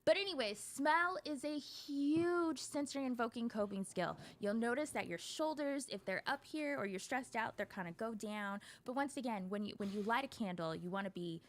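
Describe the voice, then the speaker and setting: A woman therapist talking on a show, chatty and animated, often laughing as she explains things. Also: a little high, normal speed, hardly any pauses. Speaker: therapist guest. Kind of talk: casual talk show conversation.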